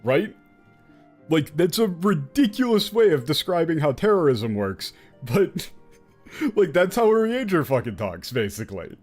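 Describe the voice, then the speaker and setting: A man's voice: on the high side, unhurried, husky, soft background music. A man commentating casually while playing a game, rambling with fillers and swearing. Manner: animated, profane, rambling with many fillers. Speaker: gaming streamer.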